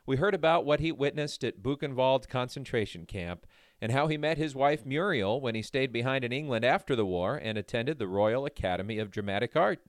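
A man hosting a radio show, reading a scripted introduction in an earnest, steady way. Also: medium pitch, no room sound, clean studio sound.

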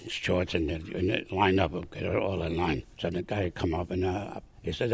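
Gravelly older man telling war stories. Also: sits low, normal speed. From Puerto Rico. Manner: animated, chuckling, acts out others' lines. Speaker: war veteran guest. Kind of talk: casual storytelling.

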